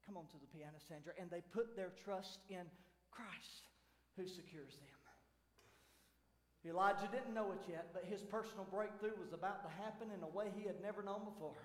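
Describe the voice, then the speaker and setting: A man preaching a sermon as lead pastor, dramatic, swinging from shouts down to near whispers. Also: high-pitched, normal speed. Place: church sanctuary. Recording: echoey church hall with faint piano.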